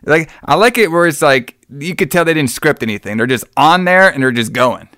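A man's voice: a little high, expressive, brisk, pushed and bright, no echo, studio quality. A man hosting a podcast, retelling a show in a rambling, laughing, swearing chat. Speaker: podcast host.

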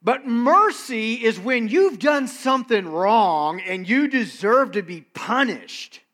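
A man's voice: very high-pitched, lively intonation, slow pace, a bit bright. A male pastor preaching a sermon emphatically to his congregation, speaking to them directly.

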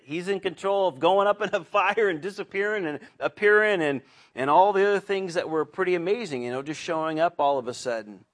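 A man's voice: high voice, a bit bright. Chatty man teaching a Bible study. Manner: chatty and earnest, with many restarts and asides. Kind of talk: conversational sermon.

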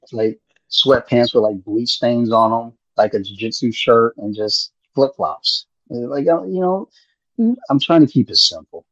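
A man's voice: medium pitch, measured pace, a bit bright, no room sound. A man in laid-back, rambling casual chat on a podcast, swearing freely. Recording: muffled lo-fi audio.

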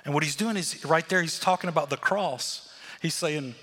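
A man preaching a sermon as pastor, animated, acting out the crowd's voices. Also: on the high side, normal speed, long reverb tail.

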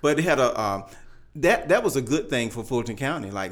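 A man's voice: mid-range voice, brisk. A man, a school principal and podcast guest, speaking earnestly. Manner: earnest, animated when quoting others. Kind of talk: podcast interview.

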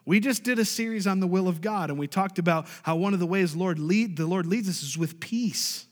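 High-voiced preaching man in a hall. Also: brisk. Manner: emphatic preaching, asks the congregation for responses. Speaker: pastor. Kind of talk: sermon.

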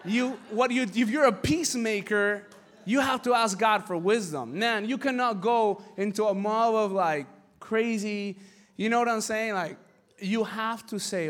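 Animated high-voiced male preacher. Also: unhurried. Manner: animated storytelling with acted voices; emphatic, rising to shouts. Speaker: pastor. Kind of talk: sermon.

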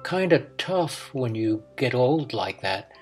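A man doing a soft-spoken young woman. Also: medium pitch, very animated, takes it slowly, soft background music. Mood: gentle. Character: nervous young woman, plainspoken and kind.

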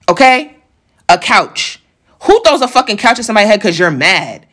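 A woman's voice: medium pitch, moderate pace. A young woman telling a story in a casual, profane way, acting out the voices of the people in it. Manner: animated, profane, acts out quoted voices.

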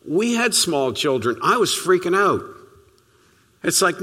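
Lively, forceful preacher in a reverberant hall. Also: male voice, high voice, measured pace, long pauses, husky. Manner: conversational, storytelling preaching with sudden soft drops. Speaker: pastor. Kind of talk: sermon.

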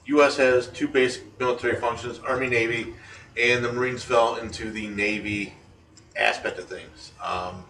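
A man's voice: medium pitch, fairly even intonation, normal speed, fairly bright tone, reverberant, distant mic, poor audio. A man co-hosting a casual chat, rambling with frequent ums and restarts. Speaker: podcast co-host.

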